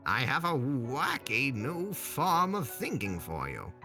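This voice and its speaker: A man's voice: medium pitch, huge pitch swings, slow pace, over music, pitched above the performer's own voice, heavily acted. A man voicing a proud, hot-tempered young nobleman, but sounding older and wizard-like with a put-on accent. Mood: genial.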